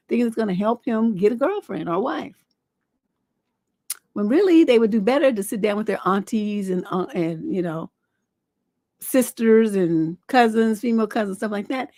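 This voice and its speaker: A woman's voice: fairly high pitch, no room sound. A middle-aged woman relationship coach giving blunt, profane advice on a livestream, acting out retorts as she tells stories. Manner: blunt, profane, animated storytelling with acted-out retorts.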